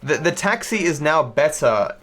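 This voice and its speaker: A man's voice: a little high, very animated, normal speed, a bit bright. A man from Australia with a mixed accent that doesn't sound typically Australian, chatting casually while streaming a game, rambling with lots of restarts and some swearing. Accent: mixed, not typically Australian. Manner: rambling, many fillers and restarts, swears freely. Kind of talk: casual livestream commentary while gaming.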